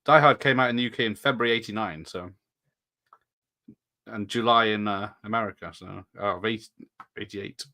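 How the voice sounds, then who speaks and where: A man's voice: lowish voice, normal speed, pauses often, sharp tone. A man chatting casually as a guest, laughing and checking facts. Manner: laughing, dismissive, fact-checking. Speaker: guest YouTuber. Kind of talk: casual chat.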